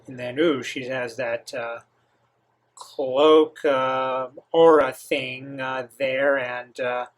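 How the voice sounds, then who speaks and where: A man hosting a comic reaction, reading and commenting with many halting pauses and eager asides. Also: mid-range voice, fairly even intonation. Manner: halting, filler-heavy, enthusiastic asides.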